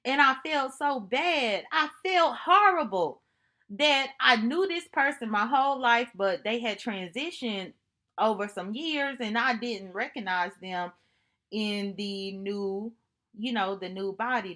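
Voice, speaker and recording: A woman speaking to camera in an earnest, reflective monologue, telling personal stories in an unhurried way and often repeating herself for emphasis. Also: on the high side, lively intonation, sharp tone. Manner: earnest, thoughtful, unhurried storytelling with repetitions. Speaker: vlogger.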